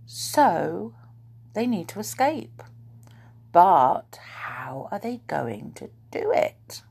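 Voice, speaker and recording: A woman reading a children's book aloud to young listeners, animated and dropping to whispers. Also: on the low side, very slow, gravelly, husky.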